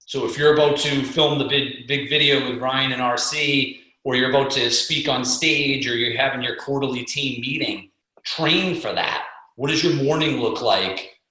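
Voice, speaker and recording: A middle-aged man tells stories with motivational energy, voicing the people in them. His voice is bright and forceful. The call audio is heavily echoey. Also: medium pitch, moderate pace. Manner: energetic, motivational, acts out quotes. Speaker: guest speaker and fitness coach. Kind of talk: storytelling on a conference call. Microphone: video call.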